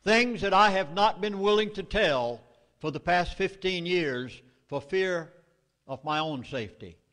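Speaking to a meeting, this middle-aged Southern US man sounds expressive, unhurried and a little bright, with a fairly high voice. His warnings come across as emphatic and urgent, and the audio has a big-room quality.

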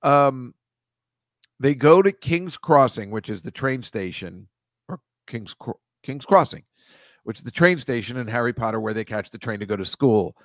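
A man hosting a comedy show, wandering from bit to bit with profane, sarcastic commentary. His voice sits at an average male pitch. The recording is close and dry. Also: animated, moderate pace, dry recording. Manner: rambling, profane, sarcastic asides. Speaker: comedy podcast host. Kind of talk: casual comic riffing.

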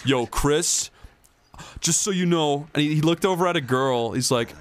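A man's voice: fairly high pitch, moderate pace. Profane young man telling stories. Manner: profane storytelling, animated quoting. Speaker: let's play host. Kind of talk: casual gaming chat. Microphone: desk mic.

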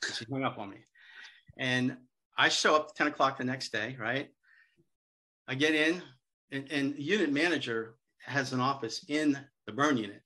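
Bright-voiced man telling sales stories. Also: medium pitch, normal speed. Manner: lively storyteller, acts out quoted dialogue. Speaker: guest speaker on hospital sales. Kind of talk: anecdotal seminar talk.

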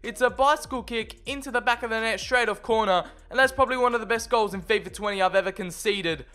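A young man commentating on his own football video game match, shifting from calm play-by-play to loud excited shouts. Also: sits high, fast talker. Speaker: gaming video creator. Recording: faint background music.

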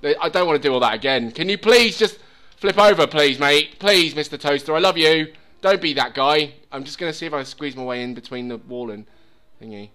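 A man giving let's play commentary, excitable and swearing as he talks to the game. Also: on the high side, brisk, faint music behind. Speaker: gaming channel host.

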